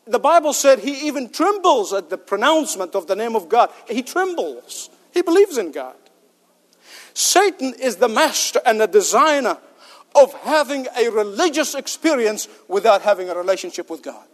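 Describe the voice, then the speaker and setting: A man's voice: very high voice, sing-song, normal speed. A male preacher giving an emphatic sermon with rhetorical questions and joking asides. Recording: long hall reverb.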